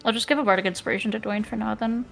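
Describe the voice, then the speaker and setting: A woman's voice: a little high, fairly even intonation, rapid-fire, gravelly, over music. A woman playing a tabletop game, talking hesitantly with many fillers. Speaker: player. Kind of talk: casual tabletop play.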